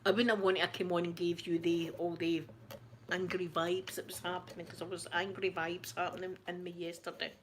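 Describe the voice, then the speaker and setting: This woman with a Scottish accent hosts an ASMR channel and chats casually on a live stream, rambling and often laughing. She speaks briskly and flatly in a lowish voice, over slight background noise.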